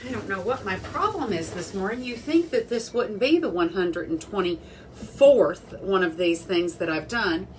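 A woman's voice: mid-range voice, expressive, moderate pace, recorded from a distance. Woman, home cook host, chatty, rambling, self-deprecating, kitchen, set-back camera mic, faint noise. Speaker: cooking show host. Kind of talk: casual home cooking livestream. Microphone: phone or camera on small tripod, set back.

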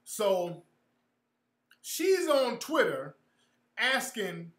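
A man's voice: extremely high pitch, expressive, measured pace, bright, forceful tone, roomy sound. A man hosting his own show, telling a story in a casual, profane, mocking way and often laughing at it. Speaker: podcast host.

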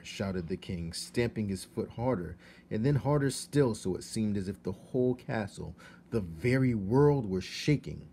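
A man, a teacher, reading a children's story aloud in an expressive way, dropping to hushed tones. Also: lowish voice, unhurried, gravelly, a little hiss or hum.

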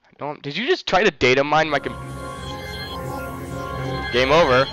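A man giving crude, jokey commentary on a horror game, reacting loudly to the scares. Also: a little high, expressive, moderate pace, lo-fi sound. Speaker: gameplay commentator. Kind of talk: let's play commentary. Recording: game music playing under the voice. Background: game music.

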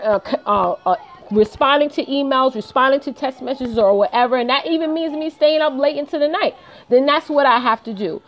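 A woman's voice: high-pitched, lo-fi sound. A woman speaking straight to her viewers in a motivational live stream, emphatic and repeating her points. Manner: emphatic, repeats phrases, addresses viewers directly. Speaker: home business consultant.

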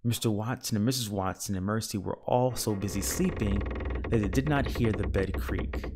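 A man reading a children's picture book aloud with gentle, measured storytelling. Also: lowish voice, noisy background. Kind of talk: children's read-aloud narration.

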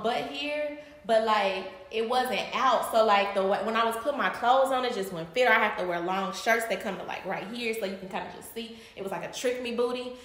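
A woman in her late twenties chatting casually to her viewers from home, animated and laughing, calling them y'all. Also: medium pitch. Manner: animated, laughing, acting out her past reactions. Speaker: vlogger. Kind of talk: casual chat to camera. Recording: echoey room.

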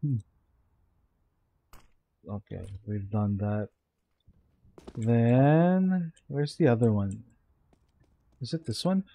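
Streaming a game, a drowsy young Filipino-accented man talks under his breath, switching between English and Tagalog in relaxed commentary. His medium-pitched voice is warm, and he speaks extremely slowly with long pauses.

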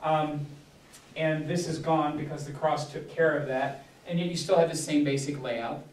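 Pastor teaching a Bible study, male, slightly high voice, digressive delivery, recorded far off in a roomy hall. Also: steady tone, normal speed. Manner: rambling, digressive, many restarts and fillers. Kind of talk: casual teaching talk. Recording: echoey room, distant mic.

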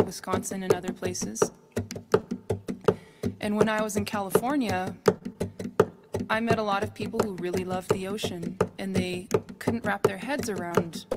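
A woman from New Mexico, a singer-songwriter, chatting and telling a quick story between songs at a live concert. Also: medium pitch, heavy background noise. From New Mexico, USA. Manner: soft-spoken, quick storytelling. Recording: loud music playing behind. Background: instrumental music.

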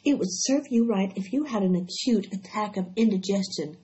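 A woman voicing a calm, wise female spider who talks in a firm, scolding way. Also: mid-range voice, moderate pace, lightly acted. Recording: dull lo-fi recording.

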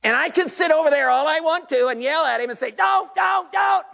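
An older man preaching a revival sermon in a church, animated, swinging from shouts down to near whispers. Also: very high voice, quick pace, vocal fry, in a large hall. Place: church sanctuary.

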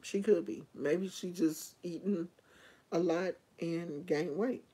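Woman vlogger, lower voice, unhurried and rambling; casual, opinionated chat to camera. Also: warm tone, husky.

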